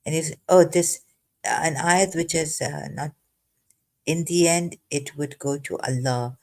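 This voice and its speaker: A slow-spoken commentator works through a scripture verse word by word, lingering on single terms and circling back to them. The delivery halts often, with repeated words and fresh starts, and a cough keeps coming back. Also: mid-range voice, fairly even intonation, a little mellow. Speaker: religious commentator.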